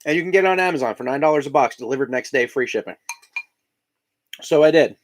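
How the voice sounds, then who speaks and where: A man's voice: medium pitch, lively intonation, fast, slight background noise. A man from Indiana hosting a casual live stream, chatting while he eats breakfast. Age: adult parent of young children. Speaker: live-stream host and collector.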